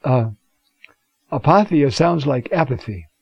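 A man teaching a Bible talk, reflective and unhurried, reading scripture passages aloud with emphasis. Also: medium pitch, animated, gravelly, breathy edge, dry recording. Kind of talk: scripture lecture. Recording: dull lo-fi sound.

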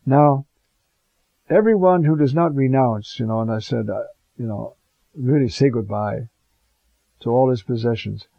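A priest preaching an informal homily, conversational and digressive, often pausing with fillers and asides. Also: male voice, medium pitch, vocal fry, dry recording, muffled recording.

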